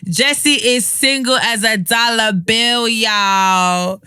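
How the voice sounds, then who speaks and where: A man's voice: high voice, takes it slowly, clear, resonant tone, no room sound, voice pushed up, full character voice. A man putting on a brash, drawling flirt. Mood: showy. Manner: drawled, showy and loud.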